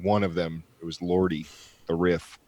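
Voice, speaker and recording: Deep-voiced man rambling on a podcast. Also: level tone, normal speed, dark tone. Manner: rambling, swears casually, many fillers. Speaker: podcast host. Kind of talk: casual podcast chat.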